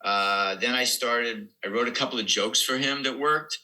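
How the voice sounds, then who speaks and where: A man's voice: mid-range voice, moderate pace, bright, forceful tone, low-quality recording. A man in his seventies, a comedian guest telling rambling anecdotes in casual podcast talk. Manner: rambling anecdotes with quoted dialogue.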